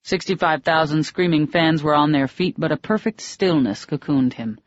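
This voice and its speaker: An audiobook narrator reading a romance novel in a steady, measured way. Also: mid-range voice. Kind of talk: scripted narration. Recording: dry, slightly dull audiobook recording.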